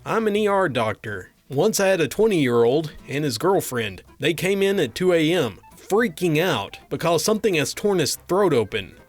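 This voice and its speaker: A man's voice: fairly high pitch, big pitch swings, normal speed, few pauses, soft background music. A man narrating a string of funny doctor and patient stories, with a dry comic delivery. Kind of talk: reading funny anecdotes aloud.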